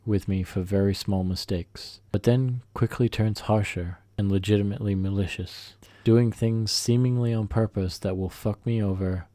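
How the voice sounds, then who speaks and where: A man reads a first-person revenge story aloud, stumbling over words and restarting phrases as he goes. His voice sits low and mellow, recorded close and dry with no room echo. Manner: halting, self-correcting reading. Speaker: story narrator.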